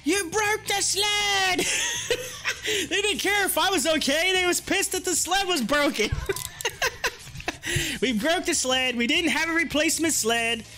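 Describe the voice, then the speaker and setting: A man hosting a livestream, telling a story in animated casual chat, laughing often and acting out what people said. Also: very high-pitched, a little slow, long pauses, faint music behind. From rural area. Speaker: livestream host.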